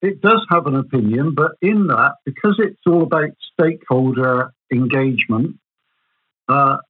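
A man speaking as a consultant, with a husky voice. He lays out his case steadily and leans on examples. His voice comes through a thin, phone-like line. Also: medium pitch. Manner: measured, builds points through examples. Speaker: business consultant. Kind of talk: explaining in a podcast conversation.

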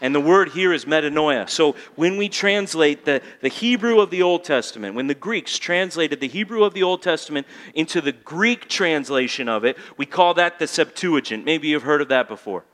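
Emphatic pastor preaching in a reverberant hall. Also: male voice, a little high, lively intonation, normal speed, few pauses. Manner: builds to loud emphatic peaks, then drops to quiet intensity; asks the congregation to call back answers. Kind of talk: sermon.

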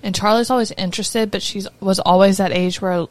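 A woman co-hosting a casual podcast, chatty and quick to laugh. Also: mid-range voice, fairly even intonation, no room sound. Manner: chatty, laughs often, lots of fillers. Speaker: podcast co-host. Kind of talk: casual chat.

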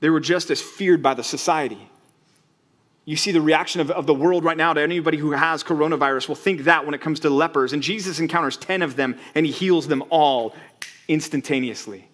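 Pastor preaching, slightly high voice. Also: male voice, fairly quick, a bit bright. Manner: conversational preaching with rhetorical questions and acted-out quotes. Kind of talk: sermon.

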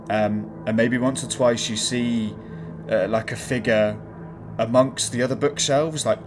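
A man's voice: mid-range voice, noisy background. A man narrating a tabletop game as game master, describing scenes with many small hesitations.

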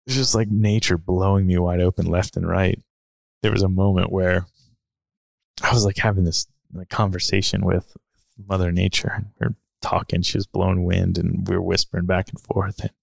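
Low gravelly man musing casually. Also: level tone, moderate pace, no room sound. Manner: casual, filler-heavy, musing. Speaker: podcast speaker. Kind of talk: reflective personal storytelling.

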